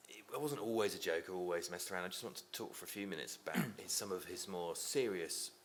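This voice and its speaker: A man interviewing a guest, asking questions in a lively, prompting way. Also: low voice, fast.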